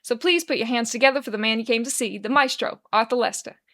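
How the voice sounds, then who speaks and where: A woman's voice: fairly high pitch, fast talker, a bit bright. A woman playing a brash, profane bartender man. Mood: announcing. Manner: profane, wisecracking, old-fashioned slang. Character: brash, fast-talking male bartender, frazzled. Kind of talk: dramatic fanfiction reading.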